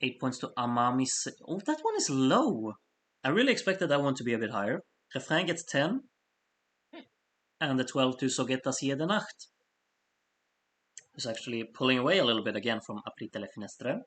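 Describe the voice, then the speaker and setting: A man hosting a live stream of fan votes, reading out scores in a chatty, apologetic way while he has the hiccups and keeps clearing his throat. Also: medium pitch, big pitch swings, moderate pace, a bit bright. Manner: chatty, apologetic asides between score readouts. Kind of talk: casual live-stream commentary.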